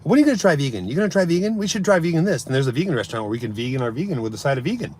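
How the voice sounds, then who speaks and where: A man mimicking a pushy woman friend who nags on and on in a rapid, repetitive way. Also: fairly high pitch, big pitch swings, darkish tone, husky. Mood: nagging.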